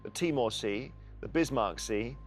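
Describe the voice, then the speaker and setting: A man hosting a quiz show, reading out questions and multiple-choice answers in a measured way. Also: mid-range voice, expressive, soft background music. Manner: measured, reads questions clearly. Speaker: quiz host.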